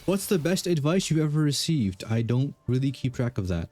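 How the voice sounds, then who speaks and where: A man's voice: medium pitch, sing-song, brisk, a little mellow, faint music behind. Rambling young man chatting while gaming. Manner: rambling, self-deprecating, lots of fillers and restarts. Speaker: streamer. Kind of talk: casual chat while gaming.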